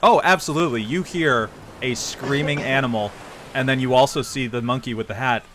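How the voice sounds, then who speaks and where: A man narrating as game master of a tabletop game, relaxed, with frequent fillers. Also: mid-range voice, brisk, a little hiss or hum. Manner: relaxed, laughs often, hesitant fillers.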